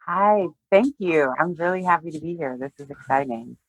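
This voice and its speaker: A woman guest on a podcast, sharing a personal story in a heartfelt, emotional way, often halting and restarting. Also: sits low, expressive, dry recording, rough recording. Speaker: tarot reader, guest.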